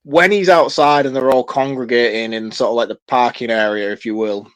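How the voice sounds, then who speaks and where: A man co-hosting a casual film-review podcast, excitable and swearing freely in long runs. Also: medium pitch, a little fast, clear, resonant tone. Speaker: podcast co-host.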